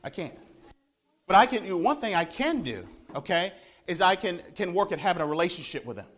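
A man in his thirties preaching a sermon in a church, animated, often repeating words as he builds up. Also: high voice, brisk. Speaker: pastor.

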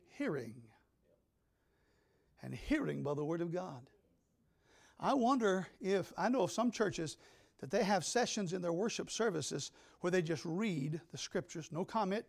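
A pastor preaching an emphatic sermon, swinging between loud declarations and hushed asides. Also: male voice, very high-pitched, expressive, a little fast.

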